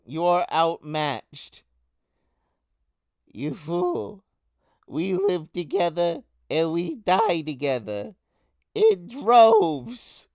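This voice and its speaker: A man's voice: a little high, huge pitch swings, no room sound, clean studio sound, pitched above the performer's own voice, exaggerated voice. A man voicing a defiant woman commander. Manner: slow, declaiming, rising to shouts. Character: defiant female commander, cold and unyielding.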